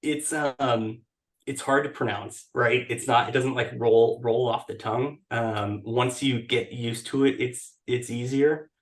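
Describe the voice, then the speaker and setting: A man's voice: medium pitch, steady tone, unhurried. A man speaking as a guest over a video call, talking casually with many fillers and restarts. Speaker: podcast guest, blog editor. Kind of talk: casual interview talk.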